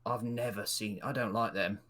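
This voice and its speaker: Brief: male actor as a wheedling informant, conspiratorial and low. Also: normal speed, slight background noise, close to an everyday voice. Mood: uneasy. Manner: conspiratorial, folksy. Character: shifty male informant, wheedling dockside gossip.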